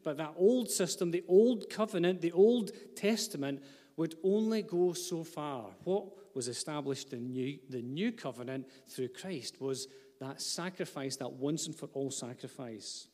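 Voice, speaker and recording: A man's voice: a little high, animated, unhurried, dark tone, big-room sound. A man, preaching a sermon as pastor, earnest, with light asides to the congregation. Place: church hall.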